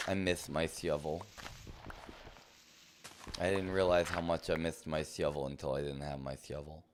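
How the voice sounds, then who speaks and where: A man's voice: very deep voice, flat delivery, moderate pace, slight background noise. A man streaming a game live, talking in a playful, rambling way full of silly jokes. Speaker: gaming streamer. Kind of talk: live gameplay commentary.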